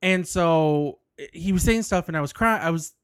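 Recorded clean in an indoor studio with no echo, a podcast co-host chats casually, telling a rambling story with many laughs and restarts. His voice is smooth and on the high side, at a moderate pace.

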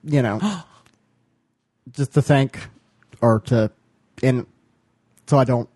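A man's voice: mid-range voice, takes it slowly, mellow, breathy edge, no echo. A man co-hosting a podcast in casual chat, teasing, loose and profane. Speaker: podcast co-host.

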